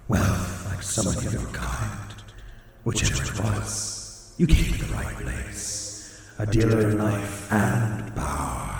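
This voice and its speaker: A man voicing a scheming cursed male statue spirit in a slow, low, half-whispered drawl. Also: darkish tone, heavy reverb, long reverb tail, distant mic, slight background noise, full character voice.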